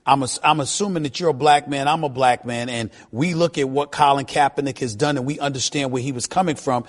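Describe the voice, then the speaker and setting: A man hosting a sports talk radio show and taking calls, emphatic and given to repeating himself, his voice shooting up when excited. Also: medium pitch, fairly quick.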